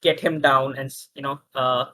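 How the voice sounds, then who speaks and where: Bright-voiced man running a tabletop game. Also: mid-range voice, flat delivery, low-quality recording. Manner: halting, many restarts and fillers. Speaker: game master.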